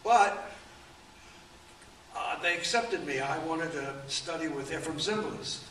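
A man in his eighties telling rambling anecdotes at a book event, halting often with fillers. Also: fairly high pitch, animated, fairly bright tone. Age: 80s. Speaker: author and guest. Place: event room. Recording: echoey room, distant mic, faint room noise.

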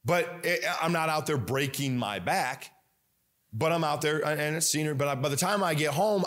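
A man preaches a sermon in a loose, conversational style. His voice sits a little on the high side, and he often restarts and fills pauses as he talks. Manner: conversational, animated, with many fillers and restarts. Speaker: pastor.

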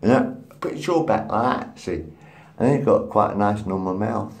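A man in his fifties rambling in a profane solo monologue, swinging between muttered asides and loud outbursts. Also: on the low side, normal speed, gravelly. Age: 50s.

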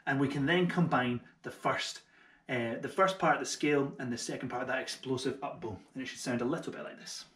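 A man teaching a double bass lesson online, who explains each step in an encouraging way and makes light jokes at his own expense. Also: steady tone, a little fast, fairly bright tone, roomy sound. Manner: friendly and encouraging, with light self-mocking jokes. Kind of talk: online music tutorial.

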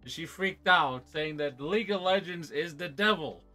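A man hosting a casual livestream interview from his room, easygoing and halting, with frequent uh-huhs and restarts. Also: on the high side, pushed and bright, faint music behind. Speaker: show host. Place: home room.

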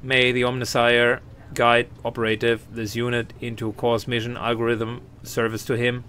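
A man's voice: medium pitch, completely flat delivery, moderate pace, a bit bright, a little hiss or hum, lightly acted. A man voicing a formal male machine-priest unit in a video game, speaking in clipped, procedural phrases.

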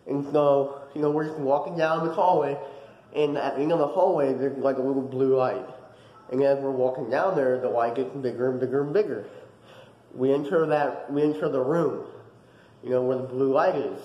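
A young man vlogging, telling a dream story in a casual, animated way with lots of fillers. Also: mid-range voice, moderate pace, reverberant, rough recording. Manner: animated, dramatic retelling with many fillers.

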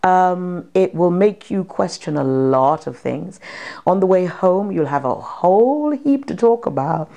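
A middle-aged woman from Britain talks with an actor in her dressing room. Her voice sits low with a gravelly edge, and she speaks animatedly, breaking into laughter between thoughts. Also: unhurried. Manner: animated, laughing, lively asides. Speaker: actor being interviewed. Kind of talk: casual interview chat.

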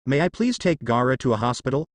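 A man's voice: mid-range voice, very animated, fast talker, no room sound, close to an everyday voice. A man voicing a mysterious cloaked male ninja who speaks in a lazy, amused drawl, read aloud from a fan story.

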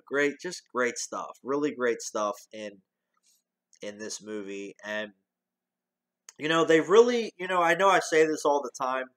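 A man's voice: mid-range voice, a bit bright. A man chatting his way through a movie review. His talk is loose and rambling, with lots of restarts and the odd swear word. He stays casual throughout.

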